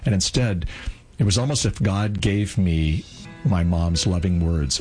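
A man in his sixties, co-host of a radio talk show, telling a heartfelt personal story in an earnest, lively way. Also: sits low, measured pace, faint music behind, poor audio. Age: 60s.

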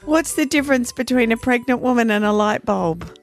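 A woman's voice: a little high, expressive, fairly quick, soft background music. A woman with an Australian accent co-hosting a morning radio show, teasing and laughing. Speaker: radio co-host. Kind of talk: casual radio banter.

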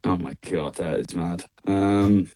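Low-voiced Irish man chatting, laughing easily. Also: slow pace. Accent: Irish, middle of Ireland. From Ireland. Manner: relaxed, laughs often, many fillers and restarts. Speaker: guest singer. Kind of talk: casual radio interview chat. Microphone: call line.

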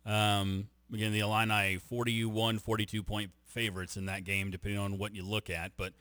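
A man's voice: lowish voice, flat delivery, pushed and bright, clear, resonant tone, dry recording. A man hosting a sports radio show, chatting casually and joking with his co-host. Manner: joking, quick back-and-forth. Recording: radio studio with music bed.

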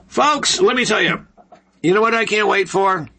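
A male talk show host on his own in a studio, ranting with animated, sarcastic energy. His voice is high and gravelly, with a husky edge. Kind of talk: solo ranting commentary. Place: broadcast studio, alone.

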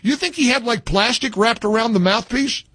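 A middle-aged man hosting call-in talk radio, animated, jokey and easily exasperated. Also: extremely high pitch, moderate pace, breathy edge, no room sound. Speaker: radio talk show host.

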